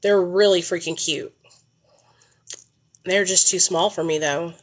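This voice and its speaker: A woman's voice: on the low side, steady tone, measured pace. A woman live-streaming, chatting casually and bluntly with plenty of swearing while she shops.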